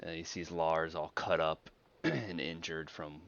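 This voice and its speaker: Deep, slow-talking game master. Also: male voice, steady tone, fairly bright tone, no echo, muffled recording. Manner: laid-back, chuckling. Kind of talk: narrating a tabletop game.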